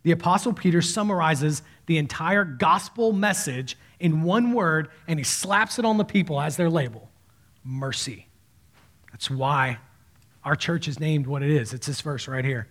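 A man's voice: fairly high pitch, normal speed. A man in his thirties preaching a sermon as a pastor, telling stories in a conversational way. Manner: conversational storytelling preacher, animated quoted voices.

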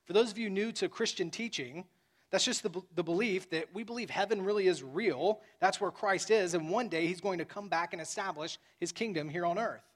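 A man's voice: high-pitched, a little fast. A man preaching a sermon as pastor, earnest and building to emphatic peaks.

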